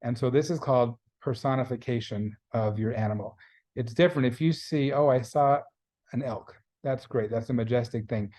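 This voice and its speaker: A man's voice: medium pitch, a little fast, dark tone. A man teaching a beginning Spanish class in a recorded lecture, explaining grammar patiently and repeating the key points. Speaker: Spanish instructor.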